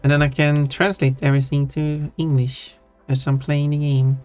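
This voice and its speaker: A man's voice: on the high side, flat delivery, normal speed, darkish tone, soft background music. A man streaming and chatting casually with his viewers, teasing them playfully. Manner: playful, teasing, laughs between words.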